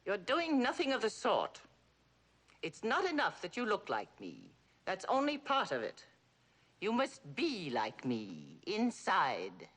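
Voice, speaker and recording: A woman's voice: medium pitch, huge pitch swings, slow pace, fairly bright tone, slightly rough, exaggerated voice. An actress playing a domineering, dying wealthy old mother in a 1960s TV drama, with a cutting, theatrical manner. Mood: imperious. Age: older.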